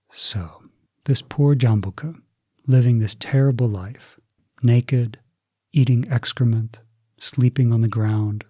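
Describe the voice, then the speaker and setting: A male Buddhist preacher tells a story slowly and deliberately. His voice is dark and husky, and the recording is dry and close, with no room sound. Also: mid-range voice, dry recording. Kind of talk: sermon storytelling.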